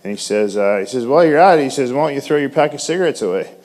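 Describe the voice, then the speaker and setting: Shy, halting man giving a church testimony. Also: medium pitch, animated, a little mellow. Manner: hesitant, halting, many restarts and fillers; self-described shy. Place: church in front of congregation.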